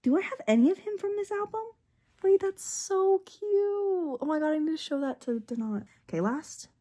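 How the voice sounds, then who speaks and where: With a very high, expressive, warm voice at a moderate pace, a young book and K-pop vlogger opens albums on camera. Her casual unboxing is full of gushing and gasps, veering between squeals and whispers.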